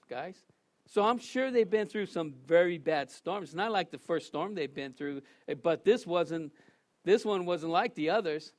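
A man with a high voice preaches with emphasis, driving points home by repeating them. He keeps turning to the congregation with questions as his sermon moves along. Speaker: pastor.

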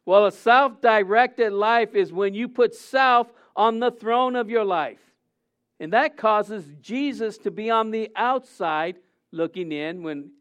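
High, smooth-voiced male pastor preaching. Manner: conversational preaching with rhetorical questions and repetition; frequent restarts and self-corrections. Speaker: senior pastor. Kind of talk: sermon.

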